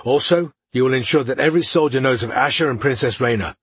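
A man's voice: mid-range voice, fast talker, fairly bright tone, breathy edge, dry recording. Aladir, a cold old elf commander, as a male narrator voices him. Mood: commanding. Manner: curt, commanding and contemptuous.

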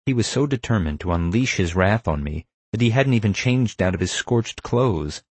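Deep, husky male audiobook narrator. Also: expressive, moderate pace, no room sound. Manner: dry, wry storytelling. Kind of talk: scripted first-person audiobook narration.

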